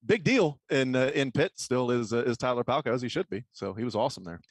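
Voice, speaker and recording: A man hosting a sports radio show, telling stories in casual chat and jumping up in pitch when he quotes people. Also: fast talker, no room sound. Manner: animated storyteller, leaps high when quoting people.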